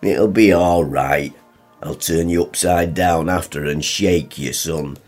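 Grumpy northern dad, real deep voice, blunt and sarky. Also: male voice, slow pace, darkish tone, soft background music. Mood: gruff. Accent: northern English. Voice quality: blunt, grumbling, dry teasing. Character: gruff sarcastic northern working-class dad. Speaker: father.

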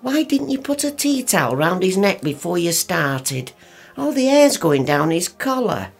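A woman's voice: fairly low pitch, sing-song, measured pace, gravelly, faint music behind, full character voice. An actress playing a bustling, nagging working-class mother with a northern English accent in a radio play. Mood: fussing. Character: fussing, practical northern working-class mum.

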